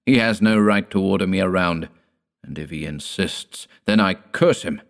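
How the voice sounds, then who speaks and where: A man's voice: sits low, normal speed, vocal fry. A man voicing a sullen, defiant old undead grandfather in a storybook, grumbling his refusals.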